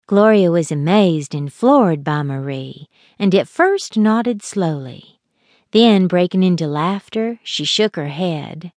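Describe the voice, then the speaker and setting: A woman reading a novel aloud as an audiobook narrator, gentle and unhurried. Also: on the low side, no room sound, studio quality. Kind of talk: scripted narration.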